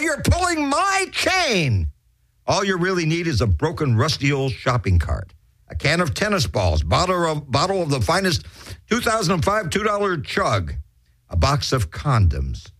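A man hosting a crude comedy show, rambling through raunchy shout-outs and dirty rhymes. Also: high-pitched. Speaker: host.

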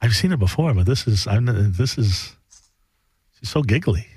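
A man's voice: mid-range voice, animated, normal speed, darkish tone, breathy edge, no room sound. A man co-hosting and commenting in casual joking chat, often stammering and repeating himself. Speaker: co-host commenting on a live demonstration.

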